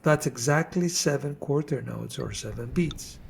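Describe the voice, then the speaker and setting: A man narrating a scripted drum tutorial in a measured, explanatory way. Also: mid-range voice, gravelly, a little hiss or hum. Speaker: drum teacher.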